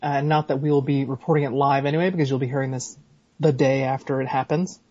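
Dry, deadpan man on a husky, dull remote line. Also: medium pitch, fast. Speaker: podcast co-host. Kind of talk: casual comedic podcast chat. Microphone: remote call.

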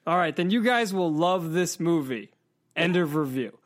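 The movie-reviewing podcast host jokes around in casual chat, laughing while he speaks and staying animated. His voice is a little high and his speed normal.

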